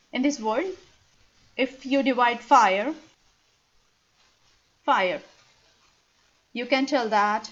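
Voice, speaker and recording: Slow, patient ESL teacher woman. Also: on the high side. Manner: patient, spells out letters and sounds. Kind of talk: slow explanatory lesson. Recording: dull lo-fi recording.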